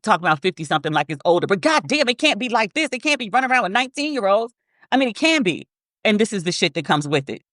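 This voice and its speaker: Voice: medium pitch, sing-song, fast talker, fairly bright tone, no echo, studio quality. A podcast host giving blunt, profane, openly petty commentary on a news story.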